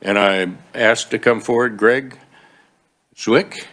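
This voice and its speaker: A man's voice: lowish voice, measured pace, a bit bright. A man chairing a legislative committee hearing, procedural and easygoing, with frequent fillers.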